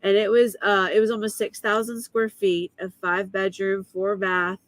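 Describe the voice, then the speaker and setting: A woman guest telling a vivid, emotional story in a casual way, with quick asides. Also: medium pitch, little pitch movement. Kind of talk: casual storytelling on a live stream.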